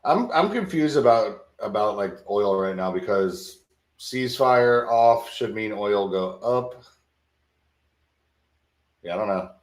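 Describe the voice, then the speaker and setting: A man's voice: lowish voice, lively intonation, takes it slowly, pauses often, roomy sound. A man hosting a live trading stream, talking casually and thinking aloud, often repeating his words. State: sleepy, yawning. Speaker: livestream futures trading host.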